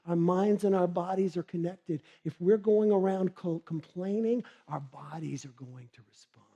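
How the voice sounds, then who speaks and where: Lively middle-aged keynote storyteller. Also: male voice, sits high. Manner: lively storytelling, acts out characters. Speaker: keynote speaker. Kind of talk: humorous motivational keynote.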